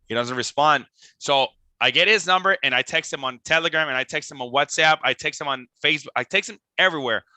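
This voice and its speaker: A young man from Costa Rica, a band member telling a tour story in a casual, animated way, full of "like" and restarts. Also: medium pitch, fast, no room sound. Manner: animated, swearing, lots of "like" and restarts. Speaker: band member, podcast guest.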